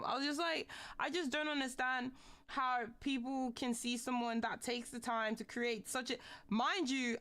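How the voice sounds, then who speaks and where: Chatting casually on her livestream, a young adult woman VTuber rants with animation and frequent swearing. Her voice is mid-range with a fairly bright tone.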